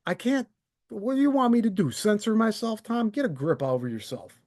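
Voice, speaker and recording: With a high-sitting voice at a normal speed, a thirty-something channel host rants alone to camera through a desk microphone. He's angry and sarcastic, curses freely, and is very animated.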